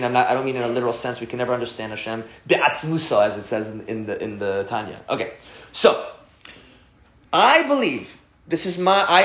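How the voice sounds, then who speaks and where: A man teaching a lively class as a rabbi at a whiteboard, excitable and often stopping to restart his sentences. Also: fairly high pitch, echoey room, highs cut off. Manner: excitable, self-interrupting, stumbles over restarts.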